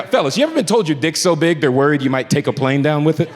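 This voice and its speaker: A man telling a stand-up story on a club stage, moving from low mutters to shouted punchlines. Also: lively intonation, a little fast, long pauses. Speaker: stand-up comedian. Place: comedy club stage before a live audience. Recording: live club recording, long reverb, crowd noise. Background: audience laughter.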